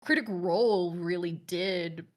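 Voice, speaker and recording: A woman's voice: lowish voice, unhurried. A woman in her thirties, a guest streamer in casual chat, talking in a chatty way with many fillers and frequent laughs. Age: 30s.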